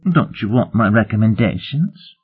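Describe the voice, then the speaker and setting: Man putting on a cooing pouty young woman, high and breathy-sweet, tinny phone-line sound. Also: huge pitch swings, unhurried, full character voice.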